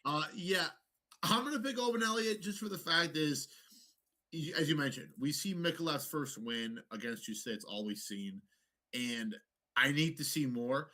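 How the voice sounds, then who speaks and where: A man co-hosting a podcast, chatting about fights in an animated, profane way and slipping into mock voices. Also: on the high side, normal speed. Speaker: podcast co-host. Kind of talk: casual sports banter.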